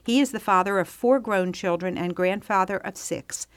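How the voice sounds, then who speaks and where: A woman's voice: medium pitch, moderate pace, dry recording. A woman co-host reading out formal guest introductions with a polite, welcoming manner. Her voice is dry and close.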